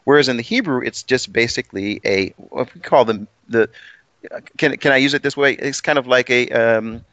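A man's voice: mid-range voice, moderate pace, a bit bright, dry recording. Man, eager, self-deprecating, casual bible study co-host, dry close sound, dull lo-fi audio.

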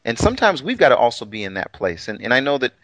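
A middle-aged man co-hosting a casual talk about scripture, animated and teasing, often laughing. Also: medium pitch, fast, no room sound, muffled recording. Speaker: co-host of a scripture talk show.

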